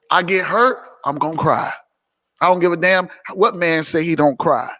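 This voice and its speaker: A man giving an emphatic, preachy motivational business talk on a livestream, repeating phrases and sometimes shouting. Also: sits high, moderate pace, big-room sound. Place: indoor room filming himself on several cameras.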